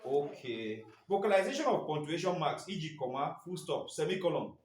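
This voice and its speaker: A man's voice: a little high, sing-song, brisk, darkish tone, slight background noise. A man teaching staff in a training session, leaving his sentences open for the class to finish. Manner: quizzing listeners with fill-in questions. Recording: echoey room.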